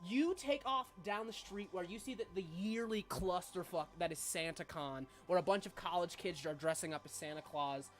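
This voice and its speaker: A woman's voice: fairly low pitch, moderate pace, few pauses, faint music behind. A young adult woman narrating a tabletop game as game master, casual and rambling with fillers and swearing.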